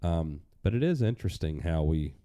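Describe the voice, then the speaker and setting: A man hosting a casual podcast conversation, relaxed and chatty, with casual cursing. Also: deep voice, moderate pace, dry recording, clean studio sound.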